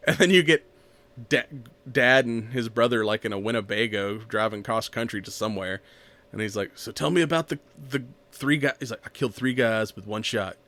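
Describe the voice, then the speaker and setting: A man's voice: mid-range voice, moderate pace, a bit bright. A man casually recapping a movie on a podcast, rambling, laughing often and acting out the lines. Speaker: podcast co-host.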